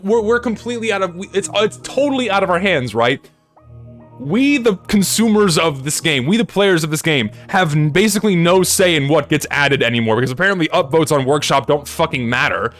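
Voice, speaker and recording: A man with a high, swooping voice delivers a game review as a blunt, profanity-laced rant. His delivery is emphatic and lively throughout, with faint music playing quietly behind him. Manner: blunt, heavy swearing, emphatic. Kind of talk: ranting review commentary.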